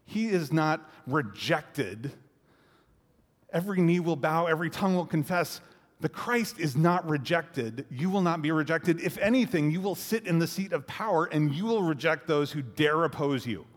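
A man's voice: a little high, expressive, normal speed. A man voicing the disciple Peter, making emphatic, rising declarations. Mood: rebuking. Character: impassioned male disciple Peter, fervent and bold. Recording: echoey hall reverb.

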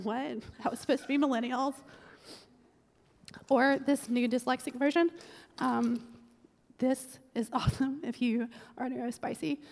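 A woman preaching a casual, humorous sermon, chatty with quick joking asides. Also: high voice, creaky. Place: church sanctuary. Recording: long church-hall reverb.

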